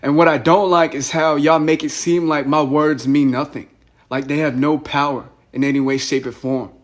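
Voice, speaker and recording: Young guy going off on a call, kinda high voice, rambling and worked up. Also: little pitch movement, moderate pace. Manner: agitated, rambling, repeats himself. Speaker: caller. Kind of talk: heated phone call.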